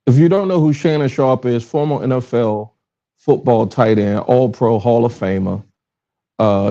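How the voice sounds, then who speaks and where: A middle-aged man with a Southern accent hosts his own livestream, his voice gravelly and mellow. He talks in a loose, rambling way, often breaking off mid-sentence. The audio is a little dull and lo-fi, like a phone feed. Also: mid-range voice. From Richmond, Virginia. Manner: rambling, self-interrupting, fumbles with his stream setup. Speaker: podcast host. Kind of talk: casual solo livestream talk. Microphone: livestream with phone recording.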